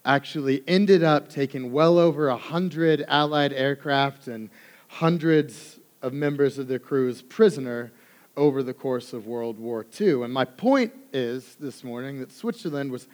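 A young man, a pastoral assistant, giving a friendly, conversational sermon in a voice still hoarse from laryngitis. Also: mid-range voice, a little slow.

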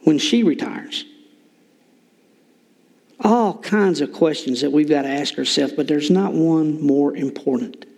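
A man's voice: a little high, measured pace, long pauses, a little mellow. An older man preaching an informal sermon in a church, folksy with joking asides and lots of fillers. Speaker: lay preacher.

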